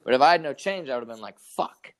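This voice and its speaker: A young man telling a story in casual chat, animated and profane, full of "dude" and "like". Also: medium pitch, rapid-fire.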